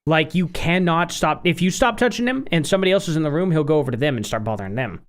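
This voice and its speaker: A man's voice: fairly high pitch, fast talker. A man co-hosting a podcast, chatting casually and acting out little quotes as he tells stories. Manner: lively, chatty, acts out quotes. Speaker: podcast co-host. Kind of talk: casual chat.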